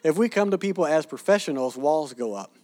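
A man's voice: on the high side, fairly quick. A man teaching a church audience sermon-style, telling stories and acting out the people he quotes. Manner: animated storyteller, acts out quoted people. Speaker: preacher teaching evangelism.

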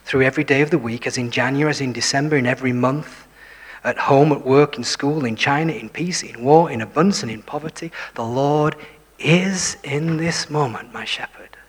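A preacher delivers his sermon in a husky, slightly breathy voice that carries a long reverb off the hall. He sinks into whispers at key points and turns often to the congregation with questions and wry remarks about himself. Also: medium pitch, brisk. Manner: shifts between full voice and hushed whispers for emphasis; self-deprecating, asks the listeners questions.

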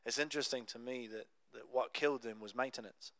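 Smooth-voiced man preaching a sermon. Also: mid-range voice, quick pace, no echo. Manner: conversational, animated storytelling with asides. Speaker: pastor.

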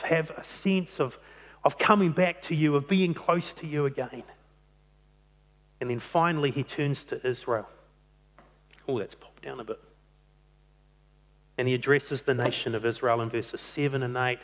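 A man preaching a sermon, earnest, stretching out key phrases for emphasis. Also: mid-range voice. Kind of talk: sermon on a psalm. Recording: long hall reverb.

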